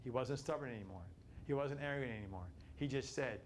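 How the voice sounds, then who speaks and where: A man teaching a Bible study class, animated and repetitive, building to emphatic peaks. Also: medium pitch, fast, slight background noise.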